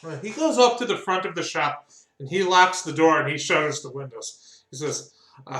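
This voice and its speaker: A man's voice: on the high side, lively intonation, normal speed, fairly bright tone, roomy sound. A man narrating as game master of a tabletop game, loose and rambling with fillers.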